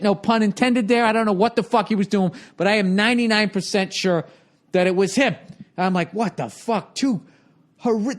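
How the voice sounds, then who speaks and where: A man in his forties telling an exasperated, heavily profane comic story, his voice jumping up when riled. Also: high-pitched. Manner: exasperated, swears constantly, voice jumps up when riled. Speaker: comedian.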